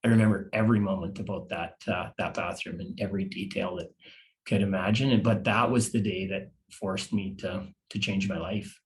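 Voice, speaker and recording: A man in his fifties, a podcast guest, telling a personal story in a halting, confessional way and often repeating words. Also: low voice, steady tone. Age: 50s.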